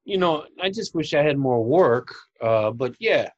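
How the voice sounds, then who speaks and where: A man, a voice actor, talking in a halting, self-deprecating way in a casual interview. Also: fairly high pitch, lively intonation. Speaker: voice actor guest. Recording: dull lo-fi recording.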